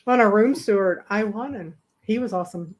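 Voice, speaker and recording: A middle-aged woman co-hosting a travel live stream, telling stories in a lively, animated way and acting out the people she quotes. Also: brisk. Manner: animated, acts out quoted voices with big pitch jumps. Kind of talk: casual storytelling chat.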